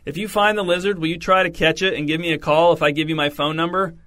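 A man's voice: a little high, steady tone, fast talker, a bit bright, close to an everyday voice. A man reading an audiobook and voicing a puzzled, earnest young man hunting for lost pets. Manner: earnest, bewildered questions.

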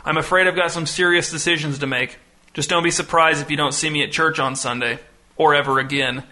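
A pompous, self-righteous churchgoer with a preachy, indignant manner, as a male narrator puts him on. The voice sits somewhat high and sounds bright and forceful. It is part of a storybook reading. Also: fairly even intonation, brisk. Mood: aggrieved.

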